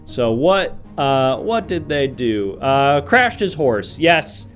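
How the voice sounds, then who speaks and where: Brisk mock-formal host as a judge. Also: male voice, mid-range voice, very animated, soft background music. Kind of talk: improv comedy livestream.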